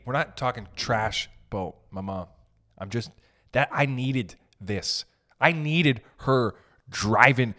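A young man hosting a podcast, ranting in a comedic, animated way, swearing and laughing as he goes. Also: mid-range voice. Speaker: podcast host. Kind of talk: comedic rant.

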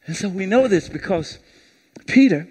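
A man's voice: moderate pace, husky. A male pastor preaching a sermon to a congregation, calling on them to repeat key words back to him. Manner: lively call-and-response preaching, asks the congregation to repeat words; acts out brief quoted voices in a lowered tone. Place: church service before a congregation.

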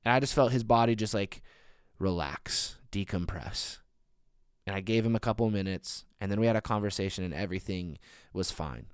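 Male pastor, 30s, sermon delivery; smooth resonant voice, emphatic rises and soft drops. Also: on the low side, moderate pace, dry recording, studio quality. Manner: earnest, builds to emphatic peaks then drops soft.

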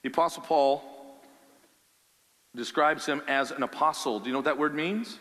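Male pastor, sermon delivery, lively and conversational, bright forceful tone, hall reverb. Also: on the high side, moderate pace. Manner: animated, conversational preaching with rhetorical questions.

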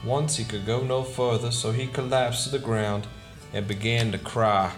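A man reading a short story aloud in a soft, quiet, measured way. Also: medium pitch, steady tone, soft background music. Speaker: narrator.

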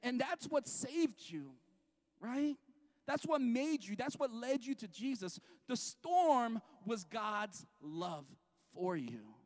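Middle-aged male pastor with a high voice, giving an animated, joking sermon in church. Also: slow. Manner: lively, jokey preaching with restarts and acted-out quotes. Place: church sanctuary.

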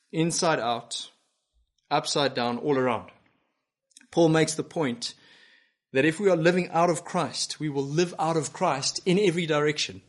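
A man preaching a sermon to a broadcast congregation, earnest and emphatic, pressing his listeners with rhetorical questions. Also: a little high. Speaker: pastor. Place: church broadcast to home viewers.

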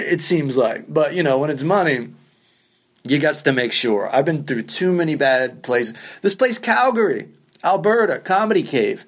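A male stand-up comedian with a slightly high voice, spinning a loose, rambling story on his podcast. He mocks himself and swears freely in a relaxed, offhand way. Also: moderate pace. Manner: rambling, self-deprecating, profane. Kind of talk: casual storytelling.

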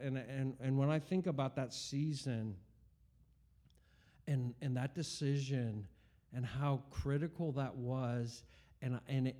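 A man's voice: mid-range voice, darkish tone. A man in his forties telling a personal faith testimony in an earnest, rambling way, with many fillers and restarts. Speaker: speaker giving a personal testimony.

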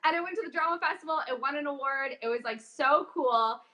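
A young woman chatting as an interview guest, telling stories in a lively way with plenty of fillers. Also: high-pitched, fast talker. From Calgary, Canada. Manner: chatty, animated storytelling with frequent fillers. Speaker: guest, voice actor and coach. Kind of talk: casual interview chat.

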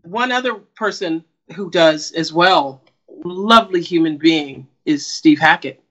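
Slightly high man with a dull, muffled sound. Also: a little slow. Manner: relaxed, meandering with fillers. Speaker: singer. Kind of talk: casual chat, recounting a story.

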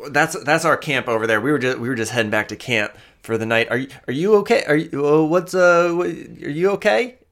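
A man voicing a small, flustered woman traveler who stammers apologies quickly. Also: fairly high pitch, expressive, fairly bright tone, pitched above the performer's own voice.

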